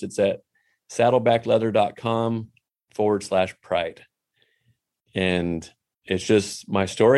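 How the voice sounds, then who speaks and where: A man's voice: mid-range voice, darkish tone. A man telling a personal faith story in a casual, candid way, poking fun at himself and dropping in lots of "you know" asides.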